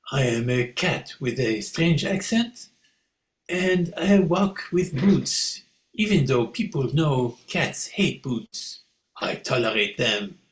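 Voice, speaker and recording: A man's voice: medium pitch, gravelly. A man voicing a vain, swashbuckling male cat in boots, with a put-on Latin American accent, over a video call. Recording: echoey room.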